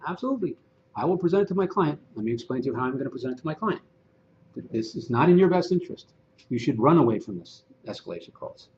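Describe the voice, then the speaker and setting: A man, a real estate agent, giving a conversational training presentation to a room of agents, animated and fond of acting out dialogue. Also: medium pitch, dull audio, slight background noise.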